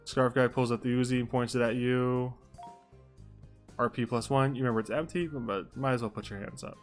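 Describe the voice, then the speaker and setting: A young man streaming live, narrating a role-play scene in a casual way. He keeps drifting into off-the-cuff asides, and his voice sits at a mid pitch. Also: steady tone, fairly quick, faint music behind. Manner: rambling asides, mixes narration with chat comments.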